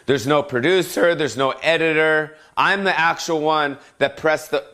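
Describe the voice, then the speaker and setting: A middle-aged man hosting a solo comedic podcast rant, rambling and profane, cutting himself off and now and then breaking into yells. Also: a little high, normal speed. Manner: rambling, profane, self-interrupting, bursts of yelling. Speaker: podcast host.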